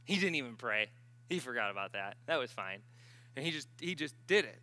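A man preaching at a healing service, telling stories with sudden bursts of excitement. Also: mid-range voice, a little fast. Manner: animated storyteller, bursts of excitement. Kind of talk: sermon.

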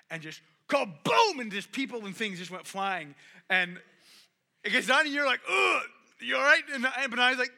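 Bright-voiced man telling a sermon story. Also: high voice. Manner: animated storytelling, swings from quiet to loud. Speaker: pastor.

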